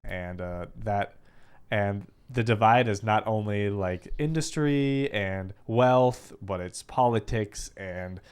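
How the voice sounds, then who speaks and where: A man's voice: on the low side, slow, darkish tone, clean tone. An American man co-hosting a reaction video, talking loosely and jokingly with plenty of filler words. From United States. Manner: loose and jokey, many "like" fillers. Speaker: reaction channel co-host. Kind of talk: casual reaction commentary.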